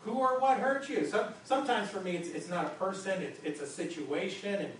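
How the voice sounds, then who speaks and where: A man preaches a sermon in a casual, talky way, tripping over and repeating his words as he goes. His voice sits a little high and comes from some distance off. The hall around him rings with heavy echo over a faint hiss. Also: brisk. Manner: conversational, stammering restarts and repeated words. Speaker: pastor. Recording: very echoey hall, distant mic, faint noise.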